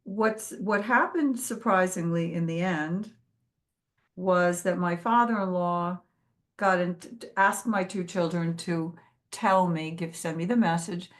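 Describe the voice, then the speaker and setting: A woman's voice: fairly low pitch, measured pace. A woman telling her own life story in an interview, earnest, quoting others as she goes. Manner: earnest, quotes others in lively voices. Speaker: guest. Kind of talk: emotional personal storytelling.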